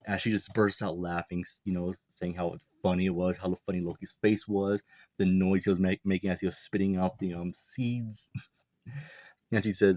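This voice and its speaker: A man's voice: low voice, fairly even intonation, brisk, a little mellow, no room sound, studio quality. A young man casually breaking down a manga chapter, rambling and chuckling, full of "like" and "you know". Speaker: manga reviewer.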